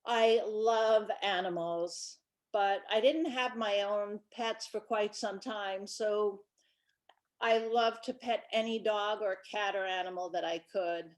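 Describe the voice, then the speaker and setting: Sixties lady telling little stories, chatty and easygoing, mid-pitched voice. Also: steady tone, measured pace. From Brooklyn, New York. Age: 60s. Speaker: children's book author. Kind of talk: casual storytelling presentation.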